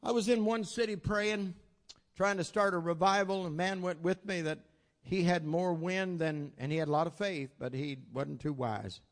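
Older male preacher, high voice, folksy storyteller who swings loud to soft. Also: moderate pace. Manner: folksy storytelling with plain southern-style grammar; swings from loud exclamations to low asides. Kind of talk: sermon.

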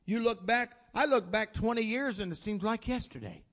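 An older man with grandchildren preaching a sermon, telling folksy stories and swinging from loud exclamations to quiet asides. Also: high voice, moderate pace. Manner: folksy storytelling with plain southern-style grammar.

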